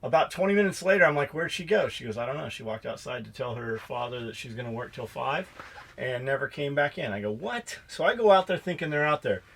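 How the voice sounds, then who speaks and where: Middle-aged man, podcast co-host, profane storyteller, acts out dialogue, casual chat, average pitch. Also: animated, fast, gravelly, a bit bright, a little hiss or hum. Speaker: podcast co-host and shop owner.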